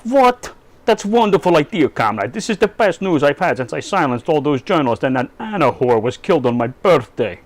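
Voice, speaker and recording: A man's voice: a little high, sing-song, fairly quick, no room sound. A man voicing a scheming middle-aged male Russian leader in a put-on Russian accent, speaking broken English with dropped articles. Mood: delighted.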